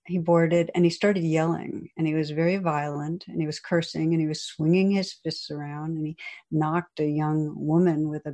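Low, mellow-voiced woman giving a dharma talk. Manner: gentle, reflective, with soft pauses and fillers. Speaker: meditation teacher.

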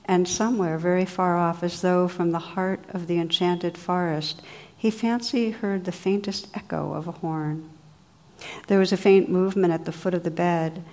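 A woman with a slightly low voice narrates a storybook tale. Her delivery is calm, even and descriptive.

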